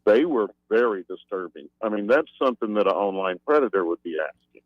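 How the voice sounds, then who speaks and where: A man calling in to a radio show, indignant and halting, with many fillers. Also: fairly low pitch, lively intonation, no echo. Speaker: caller. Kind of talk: phone-in call. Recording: muffled phone line.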